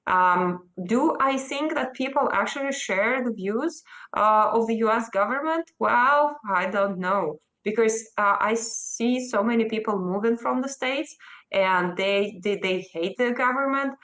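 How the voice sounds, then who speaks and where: A woman's voice: a little high, measured pace, a bit bright. Emphatic Russian-accented woman guest. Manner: emphatic, insistent, defiant. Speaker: interview guest. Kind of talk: remote news interview.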